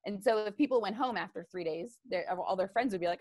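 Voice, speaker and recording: A woman's voice: medium pitch, fast talker, few pauses, a little mellow, dry recording. A woman golfer being interviewed on a podcast, talking in a chatty way with lots of fillers. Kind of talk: casual interview talk.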